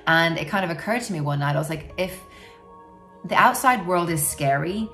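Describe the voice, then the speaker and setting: A woman with a low voice speaks openly and reflectively to the camera about her life as a parent. Her tone is frank, and her sentences are loose and full of "you know". Her voice has a gravelly edge, and soft music plays faintly underneath. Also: animated, moderate pace. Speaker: parent sharing personal experience. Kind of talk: candid personal talk to camera.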